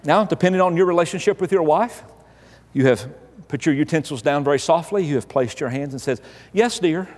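Animated high-voiced preacher in a hall. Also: male voice, a little fast. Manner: animated, emphatic, building to exasperated outbursts. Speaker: pastor. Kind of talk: humorous sermon storytelling. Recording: reverberant hall.

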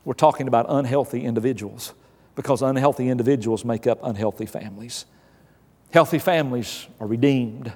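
A man's voice: medium pitch, darkish tone. A male pastor preaching a sermon, telling a story and asking repeated emphatic questions. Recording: long hall reverb.

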